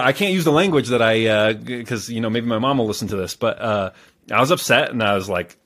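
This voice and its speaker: A man speaking as a guest on a podcast, telling stories in a calm, measured way with frequent fillers and restarts. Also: mid-range voice. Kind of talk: casual interview storytelling.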